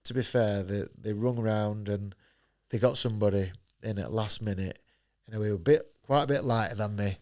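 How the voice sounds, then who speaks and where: A professional boxer, guesting on a podcast, tells his story candidly in a fairly low, darkish voice, talking a little fast with hardly any pauses. He's blunt, swears freely, and acts out what people said to him.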